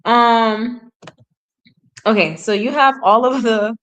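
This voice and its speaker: A woman streaming casually as she reads a book and translates it. She talks slowly, pausing often to think out loud, and she corrects herself with small laughs along the way. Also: fairly high pitch, fairly even intonation. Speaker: language learner reading aloud.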